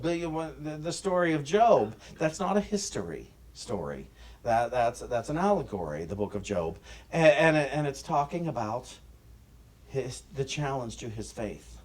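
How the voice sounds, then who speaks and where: An American man delivering a sermon as minister, emphatic, with swings in pitch and loudness and frequent restarts. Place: church sanctuary.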